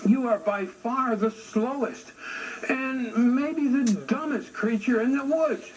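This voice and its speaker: A man voicing a quick, cheeky little male chipmunk with a small, high, teasing voice, in a noisy recording.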